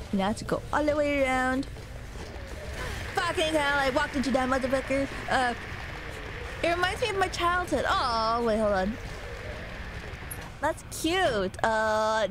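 An American woman streamer plays a horror game and chats casually with her viewers, joking and swearing freely. Her voice sits high and she speaks unhurriedly with long pauses, with background noise present.

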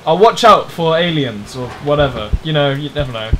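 A man's voice: a little high, lively intonation, normal speed, background noise. A man giving rambling, jokey let's play commentary on a driving game, swearing often. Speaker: gamer playing a driving game.

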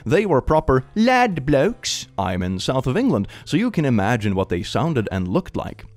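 A young man in his twenties reads online stories and riffs on them in a casual, joking way. His pitch leaps around constantly, swinging from low asides to high exclamations. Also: normal speed. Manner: animated, joking. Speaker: online story reader and commentator.

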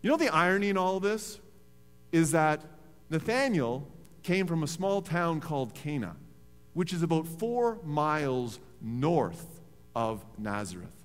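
A man, a pastor preaching a sermon in a church in a conversational, animated storytelling way. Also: a little high, measured pace, faint music behind. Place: church sanctuary. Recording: reverberant church hall.

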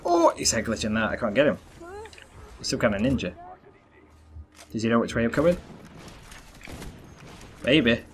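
A man's voice: mid-range voice, lively intonation, moderate pace, long pauses, a little hiss or hum. A young man doing live gameplay commentary, talking to viewers and groaning at his misses. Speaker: gaming YouTuber. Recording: faint gunfire and game sounds.

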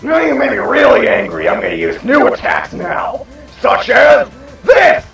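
Man doing a whiny evil scientist, shrieking, gravelly rasp, far-off echoey mic. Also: extremely high pitch, wildly swooping pitch, a little slow, a bit bright, soft background music, full character voice. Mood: outraged. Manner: shrieking, sputtering outbursts. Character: whiny fat male evil scientist, hot-tempered. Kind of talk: improvised comedy fan dub. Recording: echoey, distant home mic.

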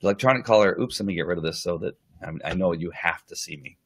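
A man's voice: low voice, fairly bright tone, breathy edge. A man who trains dogs giving a casual, rambling live-stream lesson, full of fillers and restarts, sometimes acting out what the dog thinks. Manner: acts out the dog's thoughts in quick asides.

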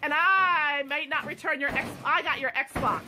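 A woman, a mother, scolding and yelling in an exasperated heated family argument. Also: high-pitched, normal speed, background noise.

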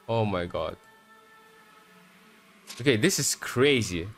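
A man's voice: on the low side, expressive, a little slow, long pauses, fairly bright tone, a little hiss or hum, low-quality recording. Jumpy swearing man playing a horror game. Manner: jumpy, swearing, reads on-screen text aloud. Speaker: gameplay streamer. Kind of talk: horror game let's play commentary.

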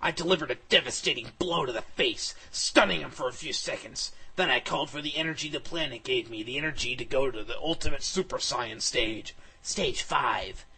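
A man giving a flat, matter-of-fact comedic reading of a fan fiction story. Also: medium pitch, normal speed, few pauses, a little hiss or hum, poor audio. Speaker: comedic reader.

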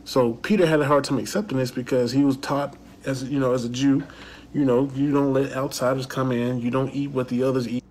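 A man's voice: mid-range voice, little pitch movement, fairly quick, darkish tone, slight background noise. A man earnestly explaining a passage he told someone to read, stressing key names as he goes. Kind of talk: recounting a conversation.

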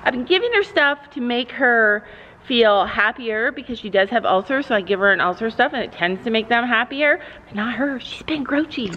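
In a horse barn, a middle-aged woman hosts a family vlog, telling a story with dramatic flair and cooing at her horses between sentences. Her voice is on the high side and animated, at a normal speed. The casual, chatty recording sounds echoey and slightly dull, with faint ambience.

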